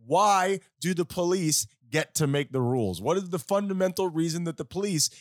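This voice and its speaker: Man, high voice, animated pitch, teasing comedy chat, dry close sound. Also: moderate pace, no room sound. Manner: joking, teasing, keeps saying the other host's name. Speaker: podcast co-host.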